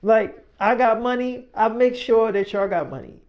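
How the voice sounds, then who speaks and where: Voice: mid-range voice, moderate pace, darkish tone. A speaker improvising a heated freestyle story into a phone mic, profane and slangy, retelling a quarrel in the first person.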